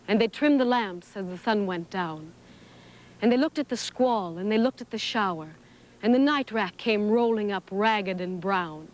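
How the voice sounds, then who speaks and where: A woman reciting verse with a sorrowful, even delivery. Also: medium pitch. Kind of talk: poetry recitation.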